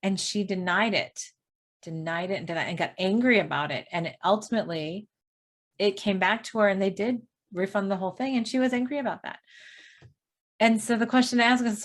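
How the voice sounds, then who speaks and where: A woman's voice: medium pitch, a little fast. A woman giving a spiritual self-help lesson in a casual, meandering way, often adding "right?" and "you know". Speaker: spiritual teacher.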